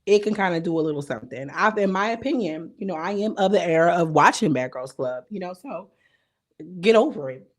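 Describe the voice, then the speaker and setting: A young woman recapping a reality show in casual, slangy chat, her voice a little hoarse. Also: fairly low pitch, brisk. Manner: chatty, slangy, animated retelling. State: slightly hoarse voice.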